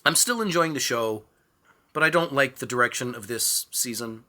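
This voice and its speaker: A man's voice: medium pitch, moderate pace, sharp tone. A man co-hosting a casual movie review chat, blunt and swearing, telling stories. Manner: swears freely, tells anecdotes, blunt opinions. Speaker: co-host of a movie review show.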